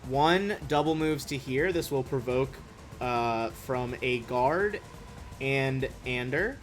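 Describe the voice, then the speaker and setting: A young man running a tabletop game as game master, chatty and relaxed, swearing casually. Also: medium pitch, slow, faint music behind.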